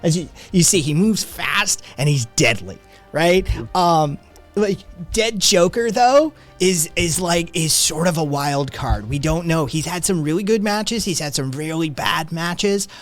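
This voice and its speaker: A man's voice: on the high side, animated, measured pace, soft background music, pitched above the performer's own voice. Man doing an eager fight-nerd guy. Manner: eager, gushing, rambling. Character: excitable male fight fan, nerdy about fighters.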